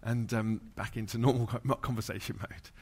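A man's voice: mid-range voice, steady tone, a little fast, darkish tone. A man, a pastor, preaching through an anecdote, with many fillers and restarts. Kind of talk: sermon storytelling.

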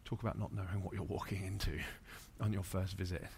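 A man's voice: sits low, fairly even intonation, a little fast, gravelly, darkish tone, a little hiss or hum. A man, a pastor, preaching through an anecdote, with many fillers and restarts. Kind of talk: sermon storytelling.

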